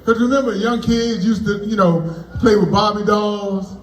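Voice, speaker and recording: High-voiced man doing stand-up. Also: normal speed, reverberant, low-quality recording. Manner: loud, animated punchlines, bantering with the crowd. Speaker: comedian. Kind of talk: stand-up comedy. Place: party venue, indoors.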